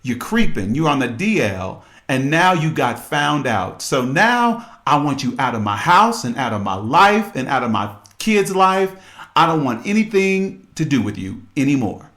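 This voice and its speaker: A man's voice: medium pitch, sing-song, measured pace, fairly bright tone, pitched above the performer's own voice. A man voicing an angry woman who scolds and dismisses her partner as she throws him out. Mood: furious.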